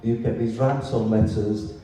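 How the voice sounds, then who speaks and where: A man from Wales telling lively anecdotes at a festival talk. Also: medium pitch, normal speed, heavy reverb, recorded from a distance, slight background noise, rough recording. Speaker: festival speaker. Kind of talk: storytelling at a literary event.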